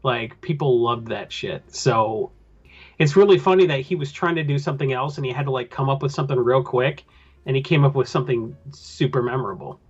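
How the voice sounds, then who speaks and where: A man's voice: medium pitch, a little fast, breathy edge. Guy rambling on a podcast about movies, kinda dull lo-fi audio, lots of likes and ums. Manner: rambling, loose with filler words. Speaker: podcast host. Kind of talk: casual chat.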